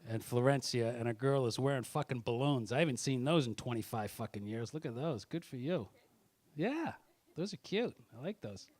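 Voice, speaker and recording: A man doing stand-up comedy with crowd work, swearing constantly and swinging from muttered asides to loud angry outbursts. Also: mid-range voice, animated, moderate pace, no room sound.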